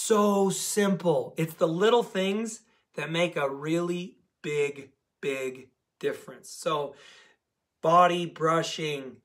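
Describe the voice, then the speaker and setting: A man with a notably high voice speaks straight to his viewers as a diet coach. His talk is animated and emphatic, and he hammers key words by saying them again. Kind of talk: casual motivational talk to camera.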